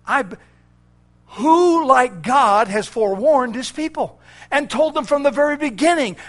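A man preaching an impassioned sermon, swinging from loud shouted declarations to low, intense warnings with a repetitive, emphatic cadence. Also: animated, measured pace.

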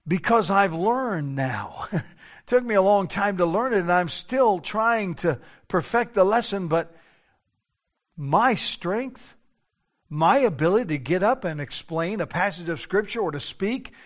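High-pitched older man preaching. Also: expressive, unhurried. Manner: earnest preaching, swinging from hushed and low to raised and urgent. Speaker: pastor. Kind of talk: sermon.

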